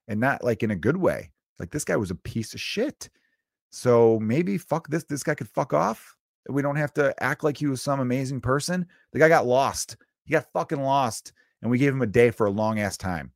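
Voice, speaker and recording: A man's voice: medium pitch, lively intonation, normal speed, gravelly, dry recording, clean studio sound. A man delivering a profane, sarcastic comedic rant as a podcast host, mocking people and swearing constantly.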